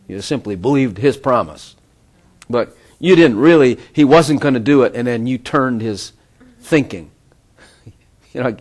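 A middle-aged man giving an informal sermon, rambling with conversational asides and frequent chuckles. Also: mid-range voice. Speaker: preacher.

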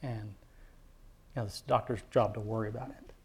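A man earnestly telling a personal faith testimony as a father, halting, with many fillers and restarts. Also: fairly low pitch, fairly even intonation, breathy edge. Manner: heartfelt, devout storytelling.

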